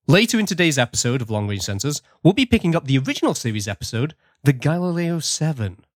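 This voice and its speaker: A man's voice: on the high side, very animated, quick pace, no room sound, clean studio sound. A man from Britain hosting a podcast, chatting casually and laughing often. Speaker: podcast host.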